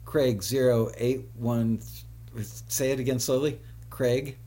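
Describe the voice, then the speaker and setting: A man hosting a live web show, chatting casually with viewers, often laughing and spelling things out slowly. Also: mid-range voice, fairly even intonation, warm tone.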